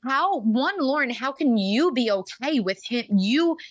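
A woman's voice: high-pitched, a little slow, no room sound. Chatty woman telling stories, dry sound. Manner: chatty, animated, many fillers like "like" and "um". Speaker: podcast guest, reality show contestant. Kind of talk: casual storytelling interview.

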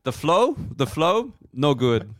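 A man voicing a blunt German man lying in a urinal, in a mock German accent and slow, broken English. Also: on the high side, very animated, no echo, studio quality, voice pushed up. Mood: dismissive.

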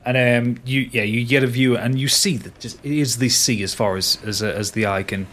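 A man's voice: mid-range voice, a little fast, a bit bright. A man narrating a tabletop game as game master, describing scenes and laughing with his players.

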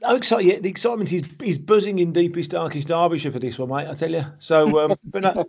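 Ex-footballer guest in his fifties, husky, friendly and relaxed, over a dull remote line. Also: on the high side, fast. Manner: friendly, banter, repeats words when starting. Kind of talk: casual interview chat.

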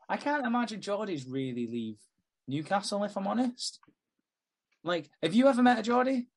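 A man's voice: high-pitched, sing-song, normal speed, pauses often. A man on a casual podcast, swearing often and laughing easily as he retells a soap episode and acts out its characters' lines. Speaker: podcast host. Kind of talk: casual chat, recapping a soap.

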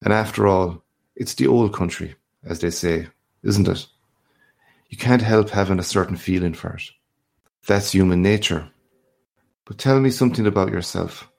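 Brief: male reader as a worldly, back-slapping journalist, deep gravelly voice, expansive storybook swagger. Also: moderate pace, darkish tone. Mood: hearty. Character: boastful worldly Irish journalist, man, middle-aged.

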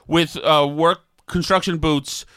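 A man's voice: on the high side, steady tone, takes it slowly, bright, forceful tone, no room sound, studio quality. A man hosting a casual talk show, grumbling and sardonic, with mock outrage. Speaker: radio show host.

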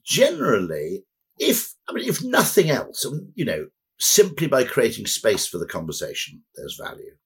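A man's voice: medium pitch, wildly swooping pitch, moderate pace, creaky, a bit bright, breathy edge. A man as a podcast guest, talking in a rambling, anecdotal way with dry asides. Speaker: guest, advertising executive. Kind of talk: conversational podcast interview.

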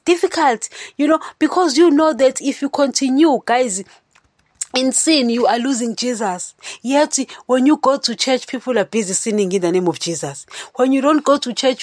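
A woman's voice: medium pitch, darkish tone, dry recording. Earnest rambling woman, dry close sound. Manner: earnest, rambling, keeps saying "you know, guys". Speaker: podcast host. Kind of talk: casual faith monologue.

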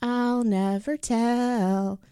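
A woman's voice: medium pitch, very animated, moderate pace, no echo, natural voice. Woman doing a sweet, kind teacher. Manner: sweet, gentle. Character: sweet, kind young female schoolteacher.

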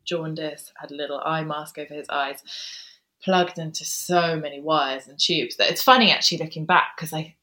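Low-voiced woman, soft and halting. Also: fairly even intonation, poor audio. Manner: soft, hesitant, pausing with ums. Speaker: guest author. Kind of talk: reflective interview storytelling.

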